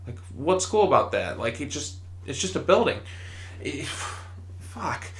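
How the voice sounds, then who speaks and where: A man's voice: on the high side, very animated, a little slow, roomy sound. A man giving a casual, exasperated film review, swearing often and restarting his sentences. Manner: exasperated, profane, stammering restarts.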